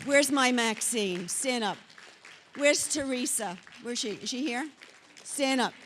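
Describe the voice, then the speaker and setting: A woman's voice: fairly high pitch, unhurried, fairly bright tone, some chatter behind, a little hiss or hum. An older woman giving a conference keynote, theatrical and teasing, acting out the voices she quotes. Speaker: keynote speaker. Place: conference hall before an audience.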